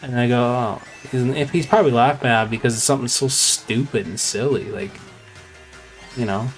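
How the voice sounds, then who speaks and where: A man's voice: medium pitch, a little fast, soft background music. A man streaming a game who tells a story in a rambling, casual way, full of fillers and repeated phrases.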